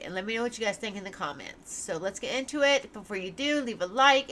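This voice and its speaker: A woman's voice: medium pitch, slight background noise. A woman hosting a true crime reaction channel, chatting casually to her viewers, her level rising and dropping as she goes. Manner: chatty, swings between loud and soft.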